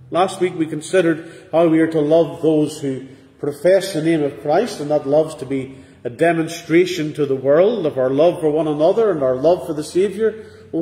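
Preacher in echoey church. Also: male voice, on the high side, mellow. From Northern Ireland. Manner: measured, earnest preaching with pauses. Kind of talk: sermon. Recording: echoey hall with long reverb.

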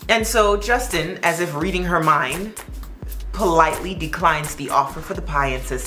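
Low-voiced lady telling a story, chatty, jokey asides, faint music behind. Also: animated, normal speed, sharp tone, roomy sound. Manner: chatty, with joking asides to listeners. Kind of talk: casual storytelling.

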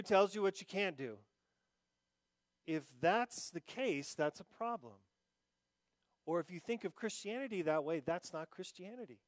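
Guy preaching a sermon, kinda high voice, chatty then punchy then real quiet, dry close mic. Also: dry recording. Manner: conversational preaching with rising emphatic bursts and quiet drops; acts out quoted listeners in mock confusion. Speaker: pastor.

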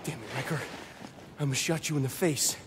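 An actor playing a rattled male soldier in a video game cutscene, talking in a quick, shaken way. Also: mid-range voice, long reverb tail, heavy background noise, lightly acted.

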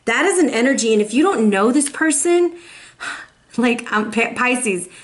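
Woman, tarot reader, casual, encouraging, emotional, fairly high pitch. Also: expressive, measured pace. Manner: chatty, encouraging, calls viewers baby. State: emotional, close to tears. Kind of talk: casual tarot reading to camera.

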